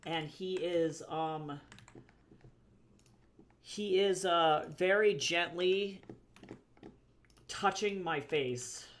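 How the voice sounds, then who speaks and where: A woman's voice: fairly low pitch, drawn-out words, pauses often, slight background noise. A woman streaming her comic drawing, chatting casually and talking fondly to her cat as she works at her desk. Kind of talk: casual livestream chat. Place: home desk at a drawing tablet.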